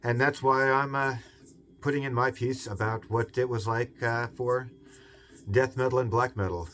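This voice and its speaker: A man's voice: medium pitch, fairly even intonation, normal speed, fairly bright tone. Rambling man with a Seattle accent. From US West Coast. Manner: digressive, filler-heavy, musing aloud. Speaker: video essay host. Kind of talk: rambling casual monologue.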